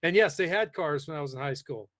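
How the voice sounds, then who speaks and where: A man's voice: a little high, expressive, fast, a bit bright. A man hosting a casual live podcast, rambling with lots of fillers as he reads the chat aloud. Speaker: podcast host.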